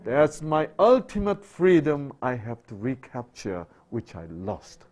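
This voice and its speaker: A man's voice: medium pitch, sing-song, a little slow, darkish tone. A man giving a sermon-style health talk, asking rhetorical questions and answering them himself, with broken, repetitive phrasing. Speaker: health lecturer.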